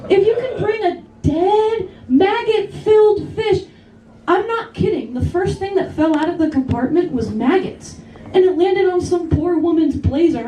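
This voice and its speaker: A woman's voice: very high voice, warm tone, distant mic. A woman doing a stand-up comedy set in a bar, telling an indignant, profane story. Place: kava bar comedy night, indoors. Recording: echoey bar audio from afar, faint hum.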